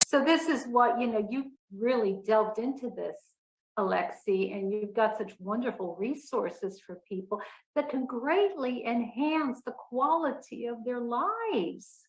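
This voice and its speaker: A woman hosting a podcast interview, encouraging her guest with warm affirmations. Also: fairly high pitch, lively intonation, a little slow. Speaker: podcast host. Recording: roomy echo.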